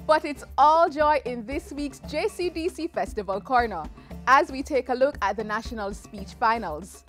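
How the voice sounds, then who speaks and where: A woman's voice: high-pitched, lively intonation, moderate pace, faint music behind. A woman presenting a magazine show in a cheerful, scripted voice-over.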